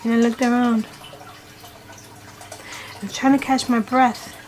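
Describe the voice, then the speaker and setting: A woman's voice: a little high, flat delivery, slow, darkish tone. Emphatic woman telling a scary story. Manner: dramatic, emphatic retelling with swearing. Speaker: vlogger. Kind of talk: storytime vlog.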